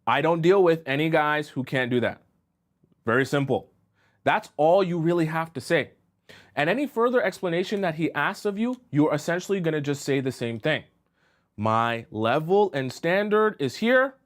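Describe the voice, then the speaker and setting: A male dating coach talks on a live stream, emphatic and direct. He keeps checking in with his viewers. His voice sits a little high and moves up and down a lot. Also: lively intonation, normal speed. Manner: emphatic, keeps asking "right?" and "okay?".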